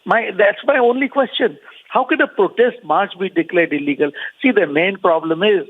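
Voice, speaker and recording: A man's voice: high-pitched, normal speed, breathy edge. A man with an Indian accent, an opposition politician firing combative rhetorical questions in a news debate. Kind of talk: heated phone-in debate. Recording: tinny phone line.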